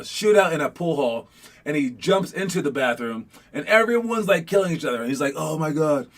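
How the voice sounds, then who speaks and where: A young man talks to his young basketball players in a loose, casual way. His voice sits a little on the high side. He rambles through fillers and gets animated when he retells a scene. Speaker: youth basketball coach. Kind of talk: casual motivational talk.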